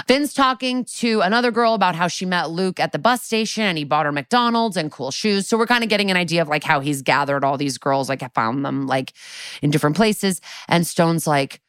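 A woman's voice: fairly low pitch, animated, moderate pace, a bit bright, clear, resonant tone, no room sound. A young woman co-hosting a podcast, recapping a TV episode in a chatty, sarcastic way with lots of filler words and swearing. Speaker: podcast co-host.

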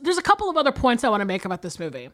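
A woman in her thirties co-hosting a casual movie podcast, animated and profane, laughing often. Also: on the high side, rapid-fire. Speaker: podcast co-host.

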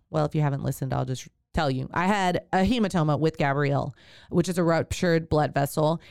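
A woman's voice: fairly low pitch, darkish tone, clean tone, no echo, studio quality. A woman, hosting a podcast and telling a personal birth story, then giving chatty advice straight to her listeners. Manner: chatty, with fillers and direct address to listeners. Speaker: podcast host and birth worker.

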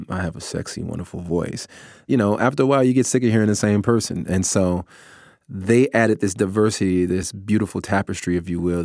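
A man's voice: on the low side, a little mellow, no room sound, clean studio sound. A man, an author, talking casually about recording his own audiobook, easygoing and joking about himself with frequent laughs. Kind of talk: casual reflective talk.

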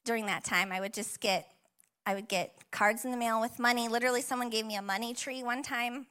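A woman's voice: fairly high pitch, steady tone, a little fast, smooth. A woman in her thirties, a pastor giving a personal testimony sermon in a church, conversational, emotional and encouraging. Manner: emotional, tearful at times, warm and encouraging; conversational with frequent fillers and laughs. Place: church auditorium.

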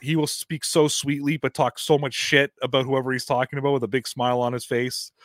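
A man's voice: medium pitch, little pitch movement, fairly quick, no room sound. A man co-hosting a casual sports chat, joking and swearing as he gives his picks. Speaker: co-host.

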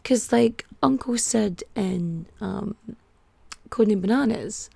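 Chatty woman with a creaky voice. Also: medium pitch, slow pace, a little mellow, no echo. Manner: rambling, chatty, full of "like". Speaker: podcast host. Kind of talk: casual podcast chat.

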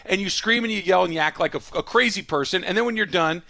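Animated man on sports radio. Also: high voice, quick pace, gravelly, hardly any pauses, no room sound. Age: adult with kids. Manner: animated, acts out a yelling parent.

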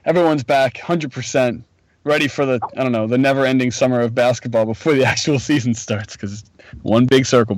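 A man's voice: medium pitch, no echo. A man hosting a casual podcast, laid-back and jokey, laughing often. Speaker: podcast host.

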